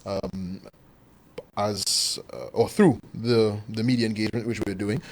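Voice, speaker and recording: A man speaking as a guest in a radio studio, with a fairly low voice. He explains outreach plans fluently and with a touch of humour. His delivery is steady and informative. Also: measured pace. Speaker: communications officer, guest. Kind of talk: radio interview.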